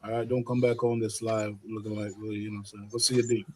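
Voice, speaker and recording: A man's voice: fairly low pitch, flat delivery, quick pace, noisy background. A man on a casual podcast who talks in a playful, teasing, slangy way.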